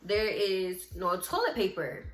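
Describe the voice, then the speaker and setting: Lively woman doing a storytime vlog, acts out the quotes, roomy echo, faint music behind. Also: medium pitch, slow. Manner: lively, acts out what people said, talks to viewers as y'all. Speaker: vlogger telling a story. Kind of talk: casual storytime chat.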